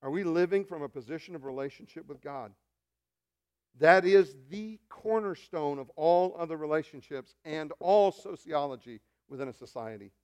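Man, pastor, sermon, slightly high voice, hushed to loud preaching, joking asides. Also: normal speed, clean tone.

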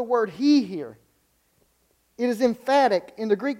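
A man's voice: very high-pitched, lively intonation, unhurried, long pauses, dark tone. A man preaching a sermon in an unscripted way, stumbling and repeating words, then building to emphatic peaks.

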